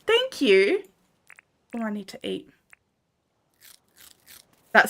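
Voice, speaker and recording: Australian woman, game streamer, laughs easily, bright forceful tone, casual banter. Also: a little high, big pitch swings, slow pace, creaky, pauses often. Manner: chatty, laughs often, banters and swears while playing. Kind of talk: casual live-stream chat with viewers. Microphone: desk microphone.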